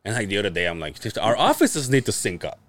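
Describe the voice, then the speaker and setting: Animated, lively man telling stories. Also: lowish voice, fast talker, no room sound, studio quality. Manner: animated storytelling, acts out family quotes, swears, laughs often. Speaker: podcast co-host. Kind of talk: casual chat.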